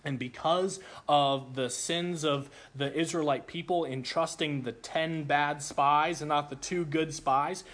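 Man, preacher, animated sermon storytelling, slightly high voice. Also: unhurried, hardly any pauses.

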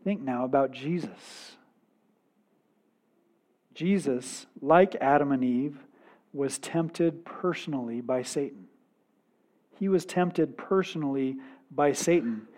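A man preaching a sermon in an earnest, measured way, with dramatic pauses and quiet emphasis. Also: medium pitch. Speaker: pastor.

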